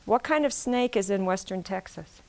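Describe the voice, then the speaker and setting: A woman's voice: medium pitch, animated, moderate pace, creaky, a little mellow, slight background noise. A woman telling a traditional story aloud, repeating phrases and asking her listeners questions. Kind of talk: oral storytelling to a live audience.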